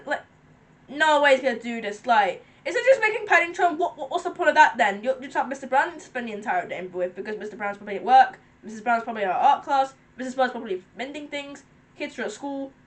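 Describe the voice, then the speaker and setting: A woman hosting a reaction video, chattering excitably with frequent giggles. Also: high-pitched, quick pace. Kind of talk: casual reaction commentary.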